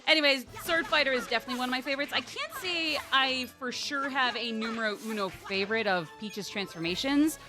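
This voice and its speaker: A woman's voice: sits high, a little fast, hardly any pauses, over music. A woman streamer giving casual, rambling gameplay commentary, full of "like" and playful swearing.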